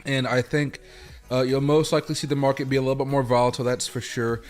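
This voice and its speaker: A man's voice: medium pitch, flat delivery, quick pace, soft background music. A man hosting a casual livestream, chatting loosely, greeting viewers by name and talking to his dog between remarks. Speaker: livestream host.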